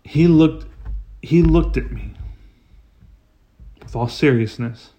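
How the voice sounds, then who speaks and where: A man's voice: medium pitch, slow pace, mellow. A man hosting a podcast who tells a story in a casual, comedic way, swearing freely, sounding exasperated and breaking into sudden outbursts. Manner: profane and exasperated, with rising outbursts. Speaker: podcast host.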